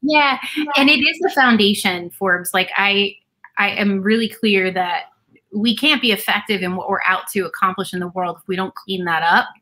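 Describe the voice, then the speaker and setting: A woman's voice: medium pitch, normal speed, sharp tone, low-quality recording. A woman hosting an interview, talking casually and agreeably with plenty of fillers. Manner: agreeable, casual, lots of "like" and "yeah". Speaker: host. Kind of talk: conversational interview.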